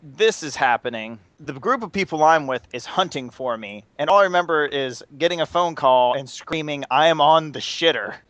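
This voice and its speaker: A man's voice: fairly high pitch, animated, moderate pace, few pauses, a bit bright, no room sound. A man hosting a podcast, telling a vulgar story in a rambling way and laughing at his own jokes. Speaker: podcast host. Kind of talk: vulgar storytelling between drinking shots.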